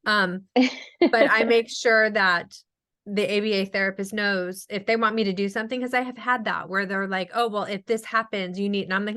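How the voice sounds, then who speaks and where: A woman's voice: mid-range voice, fairly even intonation, normal speed, fairly bright tone. Woman speech therapist chatting in a webinar, lots of ums, acts out little quotes. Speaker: speech-language pathologist guest. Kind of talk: casual webinar Q&A.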